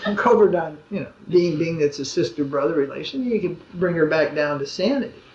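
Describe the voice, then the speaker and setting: Man with a fairly high voice teaching a spiritual talk, chatty storytelling with dry jokes, old dull recording. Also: animated, fairly quick, background noise. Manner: conversational storytelling with wry humor. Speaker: swami giving a spiritual talk. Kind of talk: informal religious discourse with anecdotes. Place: gathering in a room. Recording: roomy dull lo-fi 2001 recording.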